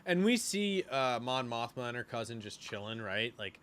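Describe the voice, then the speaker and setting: A male podcast co-host talking in a loose, casual way, full of fillers and swearing. His voice sits at an ordinary middle pitch for a man. He keeps up an animated running commentary. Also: normal speed. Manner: animated, profane retelling with many fillers. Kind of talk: casual chat.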